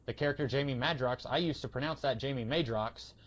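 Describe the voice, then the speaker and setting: A man's voice: mid-range voice, fast, lo-fi sound. A man co-hosting a podcast, chatting casually about comics and rambling through anecdotes. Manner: rambling, animated storytelling with quoted voices. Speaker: podcast co-host. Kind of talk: casual comic book discussion.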